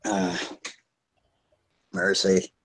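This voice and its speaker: A man hosting a live video hangout from home, talking in a relaxed, rambling way with plenty of filler words over a video call. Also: sits low, very slow, slight background noise, rough recording. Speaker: host of a model airplane video hangout. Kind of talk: casual live chat.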